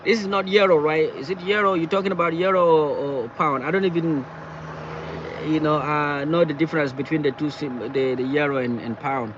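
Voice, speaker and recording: A man chatting casually on a live stream from his car, talking in halting bursts and repeating himself as he answers viewers. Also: on the high side, fairly even intonation, lo-fi sound, background noise. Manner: halting, repeats words and phrases often. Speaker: livestreamer reading viewer chat. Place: in or beside a parked car.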